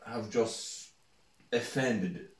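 A man's voice: fairly low pitch, drawn-out words. A man, co-hosting a podcast, cutting in with swearing and mock outrage. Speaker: podcast co-host. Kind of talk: casual banter. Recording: roomy, far from mic.

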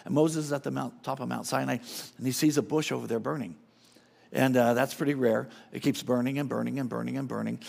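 A man's voice: medium pitch, fairly even intonation, fast talker, creaky, a little mellow, husky. A middle-aged man preaching a sermon as a guest speaker, emphatic and casual, often repeating his phrases.

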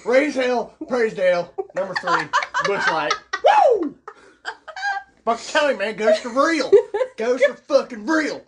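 A man voicing a rowdy, beer-loving hillbilly who whoops and cusses in a loud drawl. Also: very high-pitched, big pitch swings, measured pace, slight background noise, voice pushed up, heavily acted. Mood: rowdy hollering.

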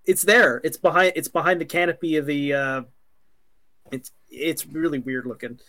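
A man's voice: on the high side, fairly even intonation, normal speed, bright, forceful tone. A man talking in a casual podcast chat who rambles and keeps correcting himself.

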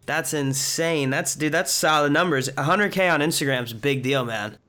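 A man's voice: a little high, moderate pace, bright, forceful tone. A young man hosting a podcast interview, upbeat and encouraging, calling his guest dude. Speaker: podcast host. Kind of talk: casual interview chat.

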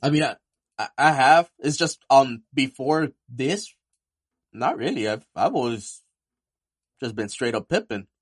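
A man telling stories in a casual chat, animated and swearing freely. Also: medium pitch, a little slow, long pauses, breathy edge, no room sound, studio quality.

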